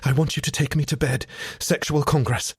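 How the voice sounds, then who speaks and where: A man's voice: medium pitch, normal speed, darkish tone, husky, no echo, studio quality. A man voicing a shy, eager young spinster lady who speaks in hasty, breathless pleas. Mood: flustered.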